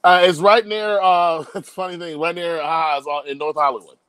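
A stand-up comedian in his thirties, from Liberia, who is animated and laughs through his punchlines. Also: a little high, a little fast, smooth, no room sound. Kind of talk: stand-up set and interview. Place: studio in Los Angeles.

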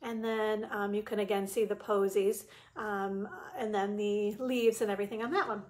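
A woman's voice: mid-range voice, fairly even intonation, normal speed. A middle-aged woman hosting a live card-stamping demo, chatty and casual, greeting viewers by name with plenty of ums.

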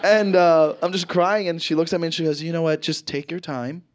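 A man performing a stand-up comedy set, telling stories animatedly and swearing freely, his voice jumping high and loud when he acts panicked. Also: fairly even intonation, brisk, some chatter behind. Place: stage in front of a live audience. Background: audience laughter.

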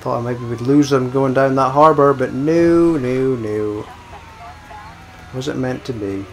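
A man's voice: medium pitch, slow. Swearing young man narrating a game. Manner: swears constantly, mutters to himself, bursts out loudly at wins. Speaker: gameplay commentator. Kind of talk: casual let's-play commentary.

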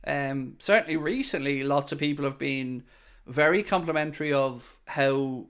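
An Irish man with a Dublin accent hosting a live football watchalong, reacting excitedly to the play and chatting back to viewers. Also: a little high, moderate pace, clean tone. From Ireland. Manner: chatty, answering viewer comments. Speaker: watchalong host.

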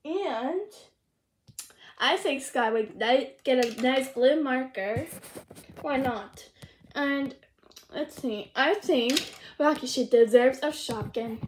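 A woman's voice: high voice, slow pace, pauses often. A woman voicing a jolly old Santa in a noisy home recording, murmuring to himself as he hands out gifts. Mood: musing.

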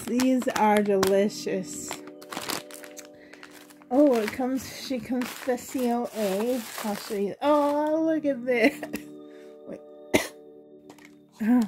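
A woman vlogger with a sore throat and cough chats through a doll unboxing, gushing with excitement and trying to spare her voice. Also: on the high side. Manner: excited and gushing, often laughing; holds back her voice, sometimes drops to a whisper. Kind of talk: casual unboxing chat.

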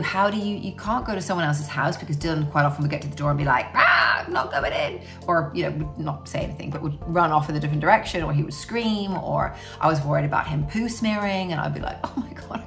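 A woman with a low voice speaks openly and reflectively to the camera about her life as a parent. Her tone is frank, and her sentences are loose and full of "you know". Her voice has a gravelly edge, and soft music plays faintly underneath. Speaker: parent sharing personal experience. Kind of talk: candid personal talk to camera.

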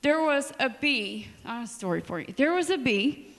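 A woman's voice: high voice, normal speed, long reverb tail. A woman preaching a sermon in a church, telling stories with dramatic asides. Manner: storytelling, lively and dramatic asides. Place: church sanctuary.

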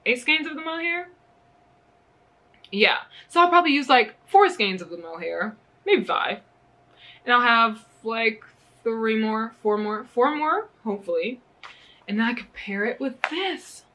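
A young woman from the US talks through her knitting haul in a bubbly, gushing way, laughing often as she goes. Her voice sits a little high and rings very bright. The tone stays casual and chatty. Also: expressive, unhurried. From United States. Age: young adult. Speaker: knitting vlogger. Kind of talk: casual yarn haul chat.

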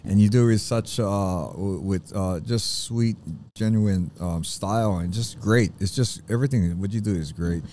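A man's voice: lowish voice, moderate pace, warm tone, a little hiss or hum. A man co-hosting a casual chat, enthusiastically praising a home-cooked dish. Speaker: co-host tasting food.

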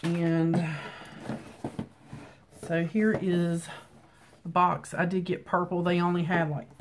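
A woman's voice: fairly low pitch, steady tone, slow pace, slight background noise. Congested, chatty woman vlogging. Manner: chatty, rambling with many ums. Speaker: beauty vlogger. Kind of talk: casual vlog chat. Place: home room with ring light.

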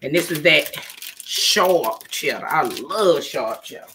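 A woman's voice: low-pitched, lively intonation, moderate pace, a bit bright, slight background noise. A middle-aged woman, chatting casually and laughing often with viewers on a live stream while she is tired.

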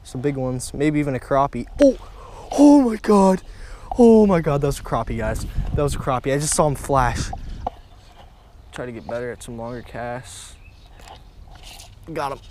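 Young male fishing vlogger, mid pitch, outdoors by a pond on a camera mic with faint background noise, chatty and excitable. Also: moderate pace, long pauses. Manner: excitable, repeats himself, keeps saying "guys" and "oh my gosh". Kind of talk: casual outdoor vlog commentary.

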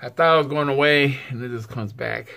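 A man's voice: medium pitch, brisk, vocal fry, bright, forceful tone. A man vlogging casually while suffering from spicy heat, sighing and whooping between words. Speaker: food vlogger. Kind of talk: casual vlog.

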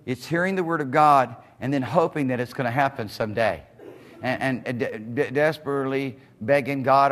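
Pastor guy preaching, lively, lots of hallelujahs, big echoey church hall. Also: medium pitch, normal speed. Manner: animated, exclaims "Hallelujah" often. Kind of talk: sermon.

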